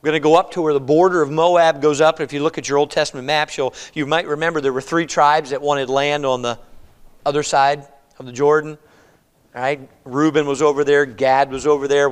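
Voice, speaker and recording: A male preacher teaching through a Bible passage in a conversational way, voicing the characters' lines as he reads. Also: on the high side. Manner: conversational, acts out the characters' words. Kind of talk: expository Bible-study sermon. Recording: long reverb of a church hall.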